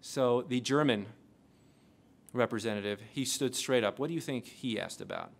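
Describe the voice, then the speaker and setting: Man, lecturer, gravelly voice, interactive classroom lecture peppered with questions. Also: mid-range voice. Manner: quizzes the audience with rapid questions. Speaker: lecturer on intelligence oversight.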